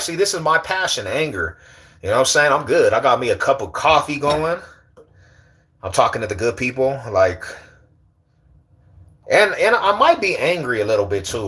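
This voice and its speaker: Male livestream host, slangy, animated, teasing banter. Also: mid-range voice, moderate pace. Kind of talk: casual livestream chat.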